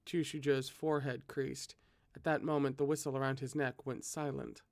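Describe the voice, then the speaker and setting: A reader narrating a novel aloud, expressive and breaking off for chatty asides. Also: mid-range voice, normal speed, no echo.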